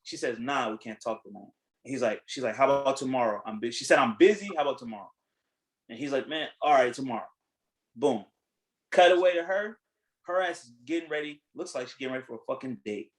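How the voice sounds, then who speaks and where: A man hosting a podcast in casual chat, retelling a reality show in a blunt, animated way, acting out what people said and swearing freely. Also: medium pitch, fast, poor audio. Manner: animated storytelling, acting out quotes. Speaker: podcast host.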